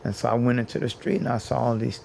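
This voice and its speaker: Creaky-voiced man telling his story. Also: mid-range voice, fairly even intonation, fast talker, darkish tone, a little hiss or hum. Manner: earnest, builds points by repeating phrases. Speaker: interview guest, housing activist. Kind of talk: personal storytelling in an interview.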